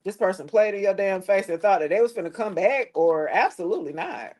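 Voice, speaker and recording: A woman's voice: expressive, a little fast, darkish tone. Blunt, preachy woman reading tarot. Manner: preachy, blunt and profane, with loose slangy phrasing; drops into a lower tone at times. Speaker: tarot reader. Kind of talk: casual tarot reading to the camera.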